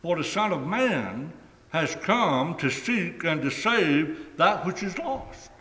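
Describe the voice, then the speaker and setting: A man preaching a sermon in a deliberate, emphatic way, stretching key phrases and letting them fall away at the ends. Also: a little high, very animated, a bit bright. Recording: echoey hall with long reverb.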